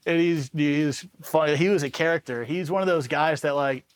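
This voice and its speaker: A man in his thirties from Los Angeles, a former soldier telling war stories in a loose, casual way, full of filler words and quick laughs. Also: fairly high pitch, clean tone. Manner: loose and conversational, full of "like" and "you know what I mean", laughs often. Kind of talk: casual first-person storytelling.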